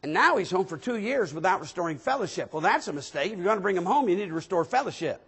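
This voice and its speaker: Pastor, male, high voice with gravel and a husky edge; preaches, reads scripture, pushes to near-shouts. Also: very animated, quick pace. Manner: reads scripture aloud in King James wording. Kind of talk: sermon.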